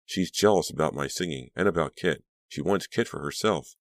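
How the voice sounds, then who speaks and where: A man's voice: very deep voice, moderate pace, no echo. Man voicing Danielle, a tense teenage girl. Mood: anxious. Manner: tense, pleading, breathless at times. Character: anxious troubled teenage girl.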